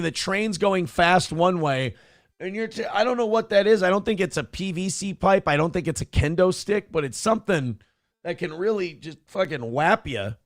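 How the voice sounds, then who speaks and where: A man's voice: high voice, a bit bright, dry recording, clean studio sound. A man hosting a morning show, talking in a crude, profane and mocking way as casual opinionated chat.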